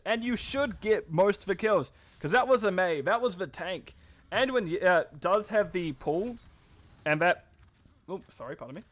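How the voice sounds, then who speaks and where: With a high, fairly bright voice and an animated delivery at moderate pace, a New Zealand esports caster commentates a live match play by play. He rambles into asides and is chatty and self-deprecating throughout.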